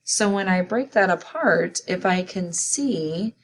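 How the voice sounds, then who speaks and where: A woman's voice: lowish voice, expressive, takes it slowly. A woman teaching a spelling lesson, carefully sounding out words letter by letter and syllable by syllable.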